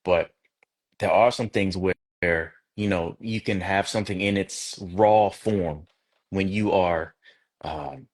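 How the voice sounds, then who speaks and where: A man's voice: sits low, slow, creaky. A man speaking as a guest poet in a casual interview, reflective and conversational, often restarting his sentences.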